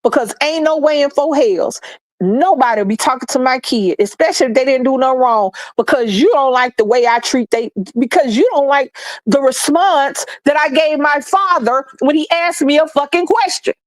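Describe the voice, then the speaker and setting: A woman's voice: high voice, normal speed, no room sound. A middle-aged woman, ranting bluntly and heatedly with lots of profanity and repetition for emphasis. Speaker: streamer sharing opinions. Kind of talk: passionate ranting monologue.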